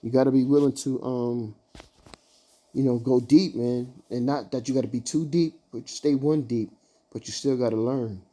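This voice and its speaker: Man teaching Bible verses off the cuff, mellow low tone, stumbles and fills pauses as he hunts for words. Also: steady tone. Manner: halting, searching for words, many fillers. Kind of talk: informal scripture study.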